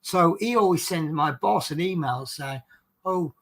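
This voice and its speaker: A British man, a coach driver, casually telling funny anecdotes on a stream in a chatty, animated way, laughing along at his own stories. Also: fairly high pitch, normal speed, background noise. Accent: British English.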